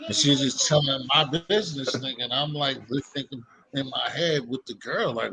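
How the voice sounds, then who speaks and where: A man casually telling a rambling story, slipping into higher voices when he quotes people. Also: brisk, hardly any pauses, bright, forceful tone, a little hiss or hum, poor audio. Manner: rambling, acts out quotes with raised pitch. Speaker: podcast co-host.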